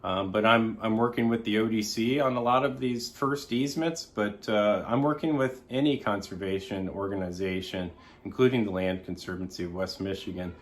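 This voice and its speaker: A middle-aged man giving an informal presentation as a local resident, rambling and often pausing to restate himself. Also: fairly low pitch.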